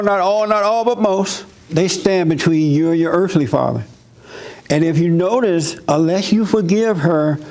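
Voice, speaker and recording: A man preaching an informal sermon, talking with his congregation and acting out others' voices. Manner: animated, acts out mother in a high voice.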